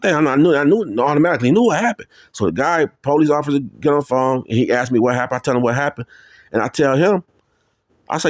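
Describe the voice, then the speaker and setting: A man telling a personal story in a casual, rambling way, full of fillers and restarts, getting higher and louder as he gets worked up. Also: lively intonation, brisk, no echo, studio quality. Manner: rambling, many fillers and restarts, rises in pitch when heated. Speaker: testimony speaker.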